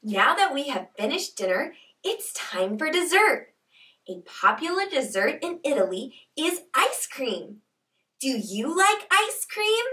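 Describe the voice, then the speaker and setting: A woman hosting a preschool learning video, speaking slowly in an exaggerated, sing-song teaching manner and praising the viewer often. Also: high-pitched, very animated, pushed and bright, roomy sound, distant mic. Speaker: children's show host.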